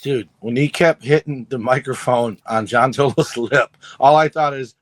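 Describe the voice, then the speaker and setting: A man co-hosting a casual podcast, retelling movie scenes in a loose, profane, animated way. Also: medium pitch, moderate pace, dry recording. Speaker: podcast co-host. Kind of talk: casual chat.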